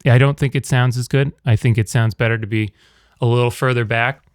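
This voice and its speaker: A man's voice: medium pitch, fairly even intonation, brisk. Rambling man demoing a shotgun mic. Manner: rambling, self-correcting, demonstrates by talking at different distances. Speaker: video creator reviewing a microphone. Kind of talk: casual gear demonstration. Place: quiet indoor room. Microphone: shotgun mic on camera, near and far.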